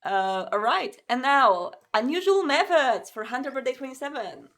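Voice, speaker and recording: A woman's voice: sits high, animated, normal speed, fairly bright tone. A woman co-hosting a gaming news show in casual chat, bubbly and chatty, laughing often and using many fillers.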